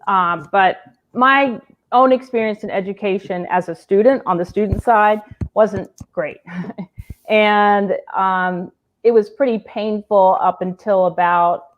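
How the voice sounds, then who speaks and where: A woman's voice: medium pitch, lo-fi sound. A woman in her thirties, a teacher who is a guest on a talk show, answering thoughtfully and hesitantly with many fillers. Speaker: sixth grade teacher, guest. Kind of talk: interview answers.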